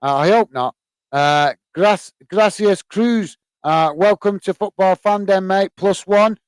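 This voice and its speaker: A British man hosts a casual football live stream, reading viewers' chat messages aloud. He talks in a halting way, full of "uh" and "um", and calls everyone "mate". His voice is smooth and a bit high, recorded dry and close. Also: no echo.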